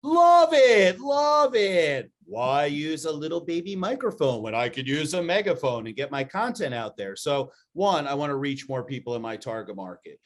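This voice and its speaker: A man's voice: medium pitch, animated, fairly quick, hardly any pauses. A man co-hosting a business podcast, talking in an enthusiastic, upbeat way. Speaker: podcast co-host.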